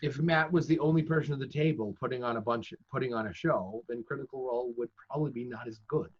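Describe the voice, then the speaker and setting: Husky-voiced man with dull lo-fi audio. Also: medium pitch, quick pace. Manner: chatty, self-deprecating. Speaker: professional dungeon master guest. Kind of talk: casual advice-giving conversation.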